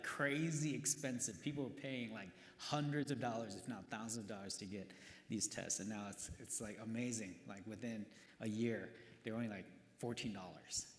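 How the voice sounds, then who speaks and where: A man's voice: mid-range voice, normal speed. A male pastor preaching a sermon in a casual, chatty way, often checking in with "right?". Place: church worship hall. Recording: long reverb of a worship hall.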